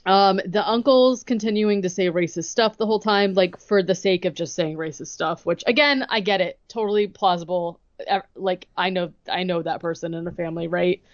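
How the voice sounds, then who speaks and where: A woman's voice: on the low side, normal speed, few pauses, no room sound, highs cut off. A woman co-hosting a podcast in casual chat, recapping a movie scene by scene. She leans on "like" a lot and acts out the characters' lines and her own reactions. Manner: chatty, heavy use of "like", quotes characters and her own reactions. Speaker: podcast co-host.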